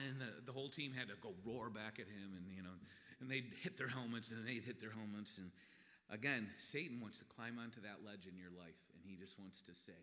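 Folksy pastor, bright low voice. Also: male voice, a little fast. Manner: folksy and conversational, with fillers. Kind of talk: sermon. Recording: long reverb in a hall.

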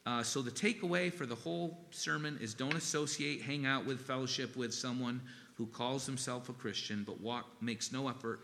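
A man preaching a sermon in an earnest, halting way, with pauses and restarts. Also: medium pitch, long reverb tail, slight background noise. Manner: earnest, halting, gets emotional and softens. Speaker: pastor.

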